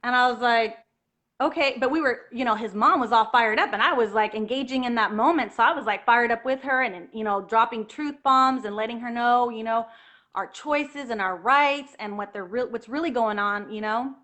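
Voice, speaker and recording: A woman telling a personal story in an earnest, animated way, at times close to tears. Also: a little high, brisk. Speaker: guest telling her story.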